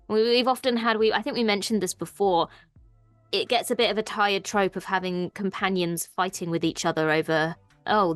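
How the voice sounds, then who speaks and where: A woman's voice: medium pitch, fairly bright tone, no echo. Chatty Irish woman, enthusiastic. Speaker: co-host. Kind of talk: casual discussion.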